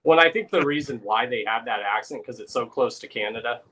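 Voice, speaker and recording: An easygoing man tells stories in a relaxed, casual chat. His voice is bright and clear, and it sits at a middle pitch. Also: fairly quick. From living in Florida.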